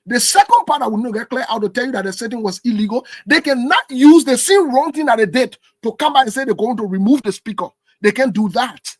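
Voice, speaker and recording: A man's voice: very high-pitched, animated, fast talker, hardly any pauses, no room sound. A man, arguing a constitutional point in a heated political debate and insisting on finishing his point. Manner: insistent, holds the floor with repeated no's. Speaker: political commentator.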